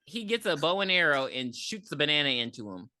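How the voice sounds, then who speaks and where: A woman co-hosting a podcast, recapping a horror movie in a casual, profane, animated way with acted-out quotes. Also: low-pitched, a little fast, no echo, clean studio sound. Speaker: podcast co-host.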